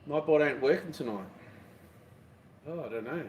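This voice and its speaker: A man chats his way through cooking on a live stream, his voice sitting a little high for a man. He rambles, talks to himself and cracks cheeky jokes at his viewers. The sound bounces around an echoey room. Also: animated, moderate pace, darkish tone. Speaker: fishing channel host.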